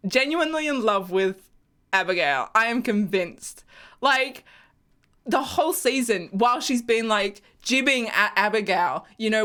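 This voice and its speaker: A woman's voice: fairly high pitch, fairly bright tone. A young woman reacting to a TV episode in casual chat, gushing and emotional, often laughing and sighing. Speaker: fan channel host.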